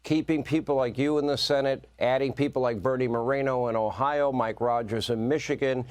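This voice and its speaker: Brisk middle-aged male news host. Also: medium pitch, fairly even intonation. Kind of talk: cable news interview.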